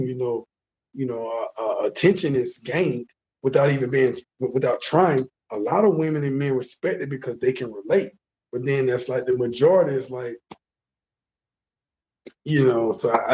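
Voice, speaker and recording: Deep voiced dude vlogging, casual and emphatic, keeps asking if you get him. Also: male voice, darkish tone. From United States. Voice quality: deep, bassy voice. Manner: emphatic, repeats words, stops for "you understand what I'm saying". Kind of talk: casual monologue to viewers.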